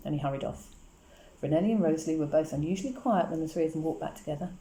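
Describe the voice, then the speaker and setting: A woman reading a chapter of a novel aloud, measured and gently expressive. Her voice sits very low and mellow, and a roomy echo hangs around it. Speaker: audiobook reader.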